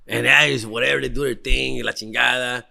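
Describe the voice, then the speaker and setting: Excitable slangy man. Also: medium pitch, brisk, vocal fry. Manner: slangy and excitable, mixing in Spanish. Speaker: podcast host. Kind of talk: casual storytelling.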